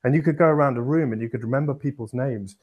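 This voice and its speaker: A man's voice: mid-range voice, fast, slightly rough, phone-quality sound. A man from England co-hosting a podcast, explaining at length in a casual, rambling way with many restarts. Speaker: podcast co-host.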